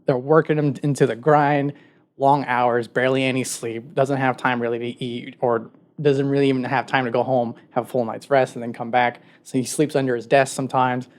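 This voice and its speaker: A man's voice: mid-range voice, flat delivery, a little fast. A man co-hosting a podcast, retelling a story in a casual, rambling way with many filler words. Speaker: podcast co-host. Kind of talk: casual chat.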